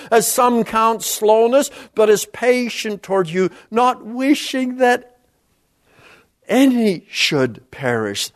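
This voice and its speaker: A man preaching a sermon, reading scripture aloud and commenting on it, with big swings in pitch between passages. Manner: reads scripture aloud with sweeping rises and drops in pitch.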